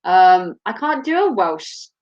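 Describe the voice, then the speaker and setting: A woman's voice: lowish voice, big pitch swings, takes it slowly, darkish tone. A woman from Norfolk with a Norfolk English accent, hosting a casual chat in a blunt, joking way and laughing often. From Norfolk, England. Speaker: host. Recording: muffled lo-fi recording.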